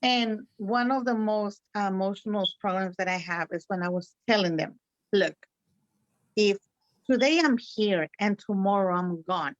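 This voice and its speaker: A woman's voice: mid-range voice, unhurried, no room sound. A woman whose first language is Spanish, a guest spiritual reader who talks with feeling and laughs often. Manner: emotional, laughs often, non-native phrasing. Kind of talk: conversational interview. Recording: dry, muffled call audio.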